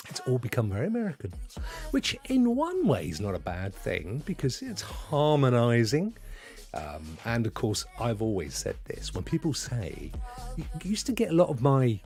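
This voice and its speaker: An opinionated English man chats casually while hosting a gaming live stream, tossing in chuckling asides. His pitch swings in a lively way, and faint music plays behind him. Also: unhurried, husky. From England.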